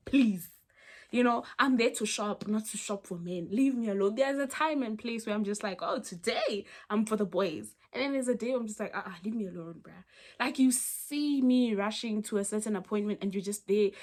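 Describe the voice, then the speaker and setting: A young woman from South Africa giving casual advice to the camera, emphatic and animated, full of rhetorical questions and restarts. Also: fairly high pitch. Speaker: advice vlogger.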